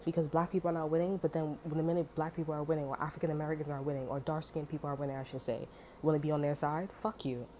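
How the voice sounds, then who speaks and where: Rapid-fire and heated, a woman with a low, mellow voice and little pitch movement tells a casual story. She swears often, scatters "you know" and "like" throughout, and there's a slight hiss or hum.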